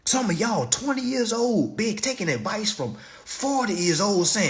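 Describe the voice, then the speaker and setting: A man's voice: high voice, very animated, normal speed, hardly any pauses. A man ranting to viewers on a live stream, preachy and profane, firing off rhetorical questions. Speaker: online personal finance commentator.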